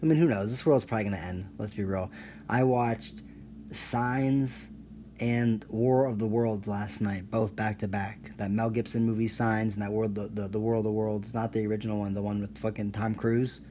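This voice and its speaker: A man's voice: lowish voice, steady tone, moderate pace, dark tone, slight background noise. Rambling, profane male podcaster. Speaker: podcast host. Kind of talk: solo podcast rant.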